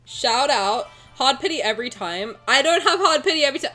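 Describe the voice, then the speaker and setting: A young woman streaming a game, chatting playfully to her viewers, joking and breaking into excited shouts. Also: high voice, fast, faint music behind. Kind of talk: casual game stream commentary.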